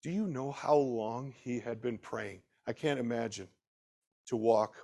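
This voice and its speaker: A man preaching a sermon, swinging between loud emphatic bursts and quiet, slowed asides, and putting questions straight to his listeners. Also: mid-range voice, vocal fry. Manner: talks directly to the listeners with questions.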